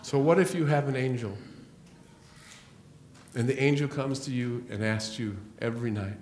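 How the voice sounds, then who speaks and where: A middle-aged man giving an inspirational spiritual talk as guest speaker in a church hall, telling stories with slow, emphatic rises and drops. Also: mid-range voice, slight background noise. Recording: roomy hall echo.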